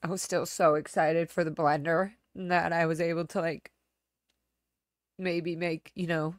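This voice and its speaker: A woman hosts her own livestream, talking casually and candidly to viewers. Her voice sits a little low with a smooth, clear tone, recorded close and dry. She rambles, trails off mid-thought and picks the story back up. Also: level tone, unhurried, dry recording. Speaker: livestream host.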